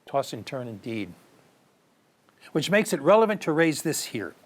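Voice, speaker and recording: A man's voice: a little high, sing-song, moderate pace. Earnest male political commentator. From United States. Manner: earnest, rhetorical questions, emphatic rises. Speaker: news commentary host.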